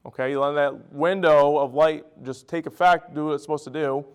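Preacher guy, middle-aged, chatty sermon, smooth voice, gets loud for emphasis. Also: on the high side, fairly even intonation, a little fast. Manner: conversational, storytelling, with rising emphatic bursts.

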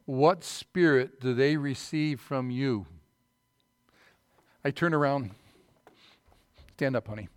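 A middle-aged man preaching a sermon as pastor, swinging from loud emphatic bursts to quieter asides and light teasing. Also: medium pitch, slow pace, pauses often, clean tone, no room sound.

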